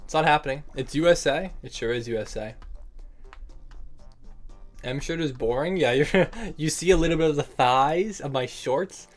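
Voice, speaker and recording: A man's voice: fairly high pitch, normal speed, faint music behind. A young man streaming and chatting casually with viewers, joking and laughing often and calling people bro and man. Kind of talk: casual livestream chat.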